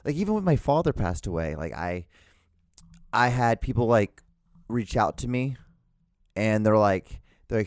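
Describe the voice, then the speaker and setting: A man's voice: lowish voice, lively intonation, unhurried, long pauses, dry recording, clean studio sound. A man hosting a solo podcast, rambling casually with lots of swearing, restarts and self-mocking laughs. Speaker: podcast host.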